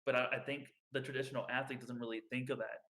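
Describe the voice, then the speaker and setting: A young man talks casually on a podcast, circling his point with plenty of ums and restarts. His voice sits at an ordinary mid pitch. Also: little pitch movement, fast talker, sharp tone. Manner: rambling, many fillers and restarts. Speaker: podcast co-host. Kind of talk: casual chat.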